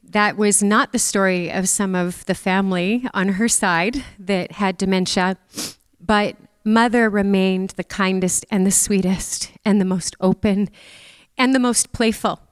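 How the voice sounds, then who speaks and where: A woman's voice: mid-range voice, fairly even intonation, a little slow, smooth, dry recording, long reverb tail. A middle-aged woman from Canada giving a tearful, heartfelt memorial tribute to her mother in a church. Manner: tearful, emotional, speaks of feelings openly.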